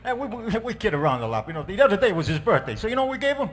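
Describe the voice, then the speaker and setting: Rapid-fire and very animated, a high-voiced man becomes a jovial Italian priest of middle age for a comedy sketch. He tells jokes in a put-on Italian accent with broken English, stand-up style.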